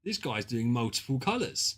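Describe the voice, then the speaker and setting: A British man streaming a drawing game, chatting casually with friends and reacting loudly to their guesses. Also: mid-range voice, normal speed. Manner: excitable, banter-heavy and sweary, reacting to guesses. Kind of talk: casual gaming stream chat.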